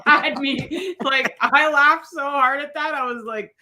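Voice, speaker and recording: A woman's voice: high-pitched, a little slow, bright, forceful tone. A woman co-hosting a live recap, laughing often and teasing her co-host in loose banter over a call mic. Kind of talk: casual chat, live show recap.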